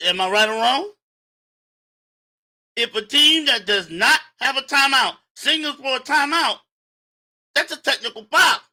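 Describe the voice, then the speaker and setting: A man hosting a sports livestream, breaking down games in an emphatic, animated way and talking straight to his viewers. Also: extremely high pitch, a little slow, long pauses. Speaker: sports show host.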